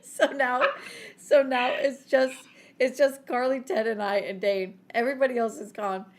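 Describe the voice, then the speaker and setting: Animated woman telling a story. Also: on the high side, normal speed. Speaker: podcast co-host. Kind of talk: casual storytelling chat.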